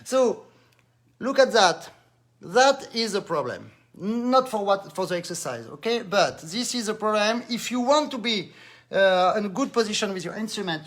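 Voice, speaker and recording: A man with a French accent and a fairly high voice teaches accordion on a live stream. He talks in an animated, hands-on way, pointing things out as he demonstrates and slipping French words into his English. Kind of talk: live-stream music lesson.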